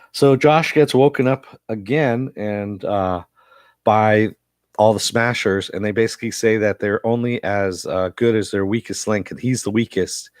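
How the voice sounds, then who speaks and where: A man recaps a TV episode in a casual, rambling way, with a fairly low voice. He has a cough that keeps breaking through, and the sound is dry and close. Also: no room sound. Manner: rambling with many fillers. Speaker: TV episode reviewer.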